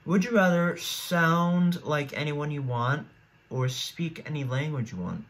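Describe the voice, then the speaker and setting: A man's voice: a little high, measured pace, fairly bright tone. A teenage boy in casual solo commentary, rambling and thinking aloud with frequent restarts as he weighs each choice. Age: teens. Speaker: YouTuber.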